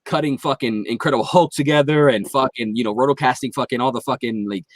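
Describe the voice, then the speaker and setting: A man's voice: medium pitch, quick pace, no echo. A man guest on a podcast, telling a long, profanity-heavy story in casual chat. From Philadelphia area.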